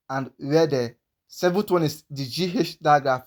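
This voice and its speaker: A man teaching a language lesson, working through a list of sounds and repeating each example slowly several times. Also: fairly high pitch.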